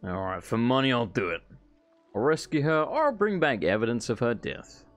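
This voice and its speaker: An Englishman with an English accent chats loosely over gameplay, joking and swearing as he goes. His voice swings up and down in pitch, and faint game music sits underneath him. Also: very animated, moderate pace. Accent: English, self-described as unusual. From England. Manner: rambling, joking, sweary banter. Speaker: gameplay commentator. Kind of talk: casual let's play commentary.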